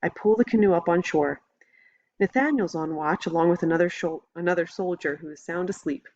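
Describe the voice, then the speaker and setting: A woman narrating a novel in the first person, in a steady, measured reading voice. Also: lowish voice. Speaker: audiobook narrator. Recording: dull lo-fi recording.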